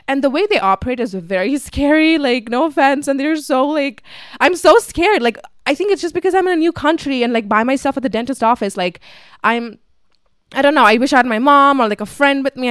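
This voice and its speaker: A woman's voice: mid-range voice, clean tone, dry recording, clean studio sound. A young woman telling a casual storytime vlog, chatty and swearing freely with lots of fillers. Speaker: vlogger.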